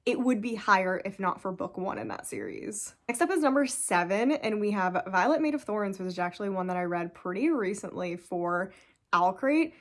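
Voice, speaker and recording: A woman's voice: medium pitch, big pitch swings, moderate pace. Chatty woman reviewing books. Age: 30s. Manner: chatty and emphatic, laughs often, lots of "like". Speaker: book reviewer. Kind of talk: casual book review vlog.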